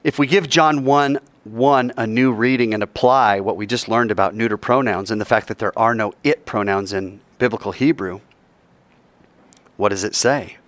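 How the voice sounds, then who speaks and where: A man's voice: lowish voice, moderate pace, a bit bright, no echo. A man giving an informal Bible lesson, acting out little mock dialogues and dropping jokey asides. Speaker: Bible teacher.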